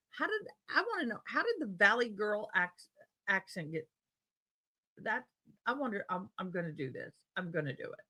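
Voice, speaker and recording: A woman's voice: mid-range voice, pushed and bright. Chatty woman with a Tidewater accent. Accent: Tidewater Virginia. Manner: rambling and chatty, reads comments aloud. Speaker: live stream host. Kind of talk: casual live stream chat.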